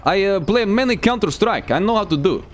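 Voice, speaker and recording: A man's voice: high voice, lively intonation, brisk, pitched above the performer's own voice. A man putting on a mock Russian accent and broken English, playing a boastful online gamer. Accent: Russian, put on. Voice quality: broken English, clipped grammar.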